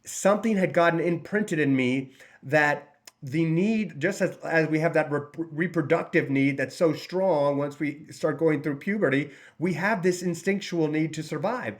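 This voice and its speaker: A man's voice: on the high side, a little slow. A man in his forties talking straight to the camera in a slightly raised voice. He is blunt and swears freely, often stopping to restart a sentence as he speaks as a recovery coach. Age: 40s. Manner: blunt and profane, with many restarts. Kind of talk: casual direct-to-camera talk.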